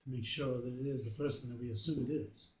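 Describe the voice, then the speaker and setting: A man's voice: mid-range voice, steady tone, quick pace, roomy sound, recorded from a distance, a little hiss or hum, rough recording. A man playing a tabletop game, talking earnestly and rambling a little as he speaks in character. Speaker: player. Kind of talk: casual tabletop play.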